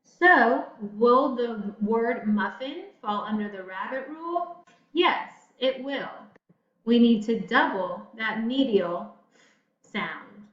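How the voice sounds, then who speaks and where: A woman teacher giving a patient phonics lesson to children, speaking slowly and pausing for answers. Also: a little high, expressive. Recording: echoey room, slightly dull sound.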